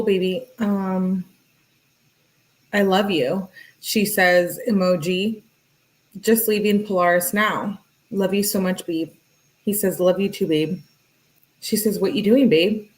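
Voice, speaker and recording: A woman's voice: medium pitch, darkish tone, low-quality recording. Chatty woman reading out text messages. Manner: reads messages aloud and chats with live viewers. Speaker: true crime commentator.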